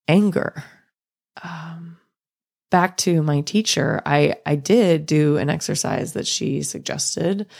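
A woman in her thirties talks through a reflective solo podcast in a low, gently gravelly voice. She speaks slowly and thoughtfully, easing into soft laughs. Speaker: podcast host.

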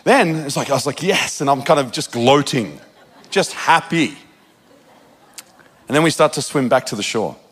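A man from Australia with an Australian accent, preaching a sermon and telling a personal story with quick asides and laughter at himself. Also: mid-range voice, expressive, fairly bright tone, slightly rough.

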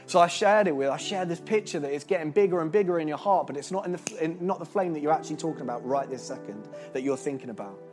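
Young male preacher, high voice, earnest storytelling sermon over faint music. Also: quick pace, hardly any pauses. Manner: earnest and animated, with restarts and laughs.

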